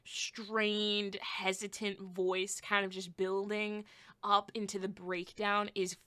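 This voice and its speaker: A young woman talks through an album on her podcast in a loose, casual review. Her voice is bright and forward, and she gets excitable, blunt and foul-mouthed, gushing over what she loves and bluntly trashing what she hates. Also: medium pitch, takes it slowly, clear, resonant tone. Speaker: podcast host.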